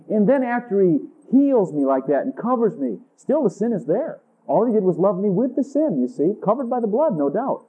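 High-voiced preacher on a tinny line. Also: male voice, big pitch swings, normal speed, hardly any pauses, husky. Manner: intimate, acts out dialogues with Jesus in a higher voice. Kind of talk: sermon. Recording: tinny phone-like sound.

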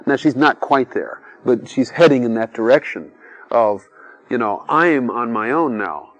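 Lively middle-aged man preaching conversationally. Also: medium pitch, no room sound, poor audio. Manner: conversational, peppered with "you know", acts out quoted voices. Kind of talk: informal sermon teaching.

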